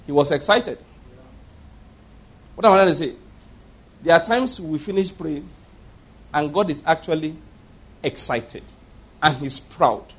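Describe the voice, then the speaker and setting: Husky middle-aged male preacher. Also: a little high, unhurried, long pauses, fairly bright tone. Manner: emphatic storytelling with repetition. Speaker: pastor. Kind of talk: sermon.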